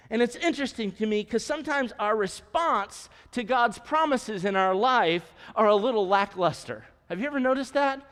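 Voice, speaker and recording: A man's voice: high voice, animated, moderate pace, fairly bright tone. A man preaching a sermon from a church sanctuary, speaking conversationally and putting questions to the congregation. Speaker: pastor. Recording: long church reverb.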